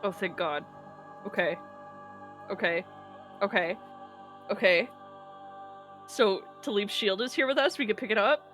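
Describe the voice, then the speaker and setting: A woman playing a tabletop game, reacting with excitement. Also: medium pitch, unhurried, pauses often, faint music behind. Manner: excitable, loud swings, swearing. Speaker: player.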